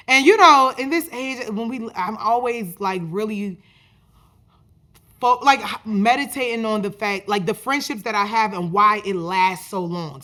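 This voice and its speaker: Chatty woman telling a story on her podcast. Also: mid-range voice. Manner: chatty, animated, many fillers like "like". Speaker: podcast host. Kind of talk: casual storytelling monologue.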